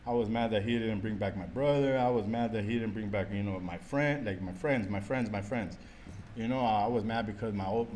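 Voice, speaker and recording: A middle-aged man talks through his recovery at a meeting in a loose, profane and rambling way. His voice sits at an ordinary pitch, and he gets animated as he goes. A faint hiss of background noise runs under the recording. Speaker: alumni meeting speaker. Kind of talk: recovery share.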